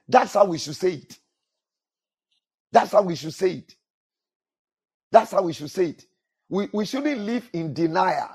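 A man with a somewhat high, husky voice preaches a sermon. He repeats his phrases and keeps asking the congregation to answer back. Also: animated, unhurried, long pauses, warm tone. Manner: repetitive preaching with call-and-response questions to the congregation. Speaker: pastor.

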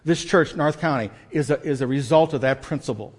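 A man preaches a sermon in a church sanctuary, his slightly high voice carrying a long reverb tail. He is emphatic, swinging from loud stresses to hushed asides, with a self-deprecating humor. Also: brisk. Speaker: pastor.

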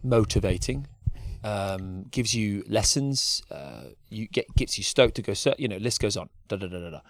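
A man co-hosting a podcast in casual chat, animated and rambling with frequent laughs. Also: lowish voice, normal speed, no echo, studio quality. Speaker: podcast co-host.

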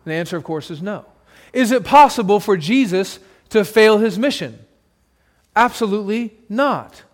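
A man preaching a sermon, his voice sitting fairly high for a man. He swells into forceful, slow declarations and then sinks to a quiet low, now and then calling on congregation members by name. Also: animated. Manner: emphatic, builds to loud declarations then drops low. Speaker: pastor.

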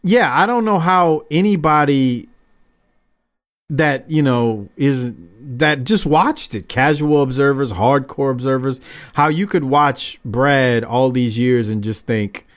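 A man's voice: mid-range voice, slow pace. Male podcast host, casual, rambling, opinionated. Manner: loose, rambling, fired-up opinions.

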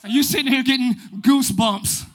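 A male pastor preaching a sermon in church, animated and often shouting, acting out little quoted voices along the way. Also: very high voice, normal speed. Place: church sanctuary.

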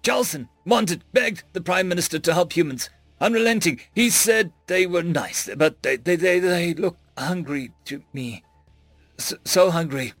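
A jittery, stammering alien starship captain, as a male narrator puts him on, his voice pushed up high and wobbling all over the place. He talks in halting bursts, tripping over his words in a sci-fi audiobook. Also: lively intonation, fairly bright tone, no room sound, faint music behind. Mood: frightened.

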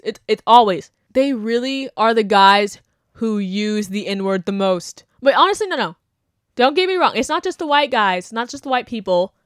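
Young female podcast host, casual and blunt, mocking tone, slightly high pitch. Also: no room sound, studio quality. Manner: blunt, animated, mocking quotes. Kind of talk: casual opinion chat.

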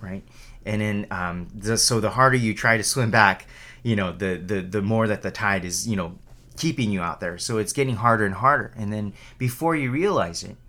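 A man with a lowish, pushed, bright voice gives an informal Buddhist dharma talk in a chatty way. He keeps tagging sentences with "right?", often restarts and repeats words, and raises his voice to act out the quoted calls.

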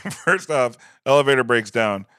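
A man co-hosting a podcast in casual chat, laughing often and reacting with animated outbursts. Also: mid-range voice, measured pace, smooth, dry recording, clean studio sound. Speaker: podcast co-host.

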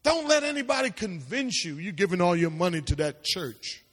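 A man preaching a Bible class with animated calls to the audience and sing-song lines that rise into shouts. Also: high-pitched, normal speed. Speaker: pastor teaching a seminary class. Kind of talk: preaching-style Bible teaching. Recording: long hall reverb.

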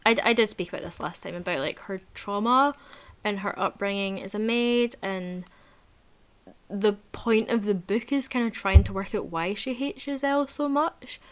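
A woman reading a novel aloud in a measured, even voice, then chatting casually about the book. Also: medium pitch. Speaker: book reviewer.

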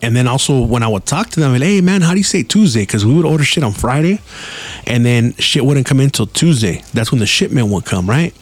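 A man spins a loose, casual story for his podcast. He swears freely and drops Spanish slang into his sentences. His voice sits at an ordinary middle pitch. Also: lively intonation, fairly quick, dry recording. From Mexican-American. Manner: profane, slangy, mixes in Spanish words. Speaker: podcast host.

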